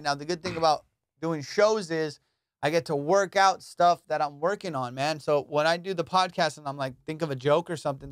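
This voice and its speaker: Profane, animated comedian host. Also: male voice, on the high side, no room sound, clean studio sound. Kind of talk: casual podcast chat.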